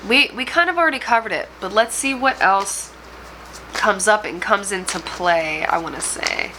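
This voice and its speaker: A woman's voice: medium pitch, lively intonation, moderate pace, bright, forceful tone, slight background noise, rough recording. A woman tarot reader addressing viewers directly, talking in an emotional, rambling way. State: choked up. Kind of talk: channeled tarot reading to camera.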